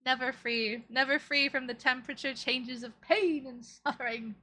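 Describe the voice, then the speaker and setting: A woman's voice: high-pitched, fairly even intonation, unhurried, bright, forceful tone. A young woman streamer chatting casually as she reacts to old clips, giggling often and using playful baby talk.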